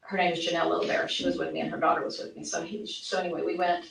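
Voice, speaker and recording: A woman with a lowish voice and vocal fry talks rapid-fire in a flat delivery during a recorded interview, rambling with many restarts while acting out quoted conversations. The sound comes from far off in an echoey interview room, with faint noise.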